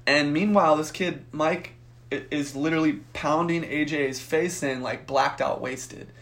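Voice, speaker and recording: A young man co-hosting a podcast, telling a profane story in a casual, animated way and acting out the voices in it. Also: on the high side, a little slow. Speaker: podcast co-host.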